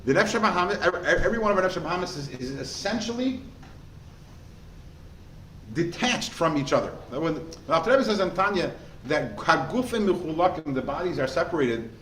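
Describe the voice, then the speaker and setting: A man, a rabbi, giving a lively class, quizzing students and telling stories in an animated way. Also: on the high side, fairly quick. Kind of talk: lively lecture with questions to students. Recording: echoey room, faint background noise.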